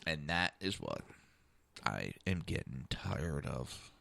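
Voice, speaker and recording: A podcast host with a rumbling low, gravelly voice and a sharp tone delivers an opinionated political monologue, blunt and profane, heavy with rhetorical questions. He speaks slowly in a sing-song manner.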